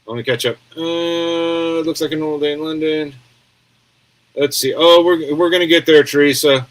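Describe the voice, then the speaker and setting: A man's voice: on the high side, fairly even intonation, moderate pace, poor audio. An American man giving casual live-stream news commentary, rambling and sarcastic, reading viewer comments aloud from home.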